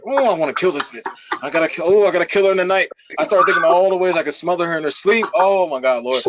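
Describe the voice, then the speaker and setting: A man's voice: sits high, quick pace, very noisy. A young man co-hosting a podcast who tells a story casually and animatedly, full of fillers and swearing. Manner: animated, profane, many fillers. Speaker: podcast co-host.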